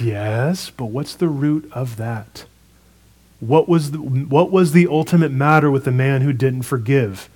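A man preaching a sermon, retelling a parable in a conversational, animated way with casual asides. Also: mid-range voice, moderate pace. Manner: storytelling, animated retelling with acted quotes.

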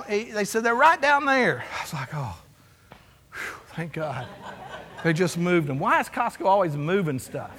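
High, bright preacher in a hall. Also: male voice. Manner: storytelling, animated, acts out dialogue. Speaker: pastor. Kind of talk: sermon. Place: church sanctuary. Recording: long hall reverb.

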